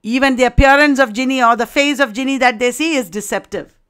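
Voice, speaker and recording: A woman lecturer talks through a play in a steady, explanatory way, checking in with her listeners. Her voice is high and smooth, with a clear, resonant tone. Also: fast. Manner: explanatory, addressing students with rhetorical checks. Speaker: literature lecturer. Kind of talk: recorded literature lecture.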